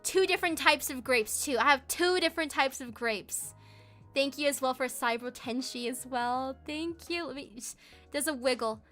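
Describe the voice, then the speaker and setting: A woman's voice: high-pitched, moderate pace, a bit bright, faint music behind. A woman streamer chatting casually while she works, playful and rambling, often breaking into giggles. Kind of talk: casual live stream chat.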